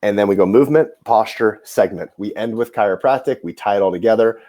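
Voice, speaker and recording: A man who hosts a coaching program for chiropractors, talking quickly and admitting he is rushing as he walks colleagues through his clinic method. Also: on the low side, warm tone. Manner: rushed and self-admittedly fast-talking. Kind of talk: quick how-to talk to fellow clinicians.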